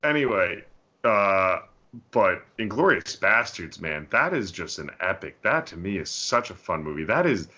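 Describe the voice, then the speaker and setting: A man's voice: low-pitched, big pitch swings, measured pace, sharp tone, muffled recording. A man co-hosting a film podcast, talking casually and often restarting his sentences. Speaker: podcast co-host. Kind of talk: casual chat.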